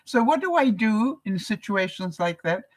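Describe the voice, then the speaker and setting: A woman's voice: mid-range voice, lively intonation, moderate pace, rough recording. An older woman from Canada, hosting a live vlog broadcast and chatting casually with viewers, laughing often. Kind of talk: casual advice chat to viewers.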